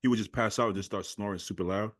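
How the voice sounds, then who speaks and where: A man's voice: on the low side, steady tone, very fast, a bit bright, dry recording, studio quality. A man chatting casually as a podcast guest, easygoing and agreeable. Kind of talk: casual chat.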